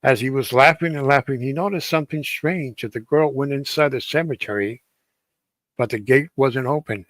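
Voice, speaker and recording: A man casually telling a ghost story on a stream, halting often and restarting his sentences. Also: medium pitch, a bit bright, no echo. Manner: halting, many restarts and fillers.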